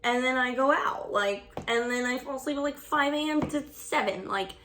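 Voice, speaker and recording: A woman's voice: sits high, normal speed, a bit bright, a little hiss or hum. A woman in her twenties vlogging a casual get-ready-with-me chat, rambling and swearing, saying "like" a lot and laughing often.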